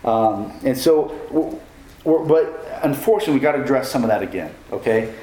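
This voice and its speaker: A man's voice: medium pitch, animated, fairly quick, warm tone. Man preaching in an echoey room. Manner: preaching with questions to the congregation. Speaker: pastor. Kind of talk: sermon.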